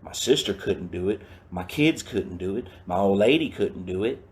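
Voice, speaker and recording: A man's voice: low voice, lively intonation, normal speed, darkish tone. A man giving a personal recovery testimony in a casual, slangy, emphatic storytelling way. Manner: emphatic and repetitive.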